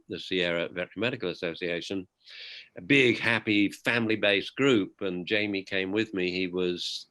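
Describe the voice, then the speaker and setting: A man's voice: low-pitched, fairly bright tone. Older man telling a moving story. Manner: emotional, halting with repeated restarts. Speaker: guest. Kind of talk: reflective storytelling.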